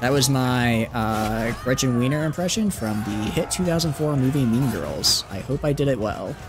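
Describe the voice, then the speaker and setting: A man in the middle of a live stream, commenting on his game in a loose, joking, rambling way. His voice sits at an ordinary mid pitch and he leans on "like" a lot. Faint game music plays quietly behind him. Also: expressive, normal speed. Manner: playful, rambling, lots of "like" fillers. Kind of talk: casual live gameplay commentary.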